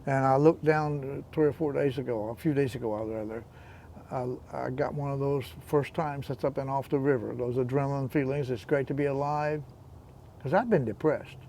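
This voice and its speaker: A man's voice: medium pitch, steady tone, moderate pace, warm tone, a little hiss or hum. A man in his eighties, a veteran paddler and interview guest, telling stories in casual chat with a teasing manner and frequent laughter. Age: 80s. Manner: teasing storyteller, laughs often.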